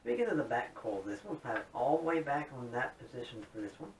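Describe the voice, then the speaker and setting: A man's voice: sing-song, fast. A man in a casual, folksy demo talk, chatty and upbeat as he shows off his modified guitar. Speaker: guitar hobbyist showing his modded guitar. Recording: roomy, distant mic with faint rumble.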